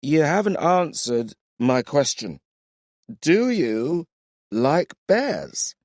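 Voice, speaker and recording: Male narrator playing a tipsy young warrior in love, earnest and slow, audiobook. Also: medium pitch, huge pitch swings, darkish tone, no echo, studio quality, voice pushed up. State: drunk.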